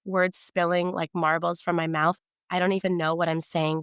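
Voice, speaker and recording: A woman reading her novel aloud in the first person, in a measured, tense storytelling manner. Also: fairly low pitch, little pitch movement, a bit bright, clean tone, no room sound, clean studio sound.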